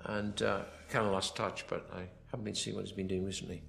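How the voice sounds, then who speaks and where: A film director giving a rambling commentary, full of anecdotes, often quoting himself and others. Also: male voice, low voice, little pitch movement, brisk, vocal fry, fairly bright tone.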